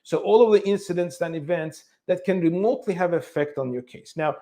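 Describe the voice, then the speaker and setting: A man's voice: high-pitched, fairly quick, warm tone. A man working as an immigration attorney, explaining to the camera in a conversational, emphatic way and firing off repeated questions.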